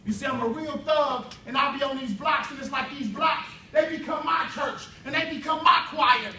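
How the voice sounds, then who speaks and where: A man giving an impassioned spoken word performance at a youth summit, building rhythm through repetition and shouting at the peaks. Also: extremely high pitch, slight background noise. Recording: echoey hall from far off with faint ambience.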